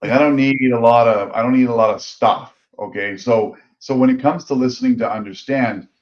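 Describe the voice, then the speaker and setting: A man's voice: medium pitch, a little fast. A man co-hosting a podcast, talking casually and bluntly, wanting people to get to the point. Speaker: podcast co-host. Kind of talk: casual chat. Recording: dull lo-fi sound.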